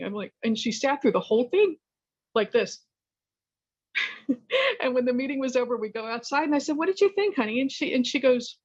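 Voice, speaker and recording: A middle-aged woman from California sharing her personal recovery story at a meeting, candid and rambling, lively when she tells a story. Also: mid-range voice, slightly rough, no echo, dull audio. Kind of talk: personal testimony talk.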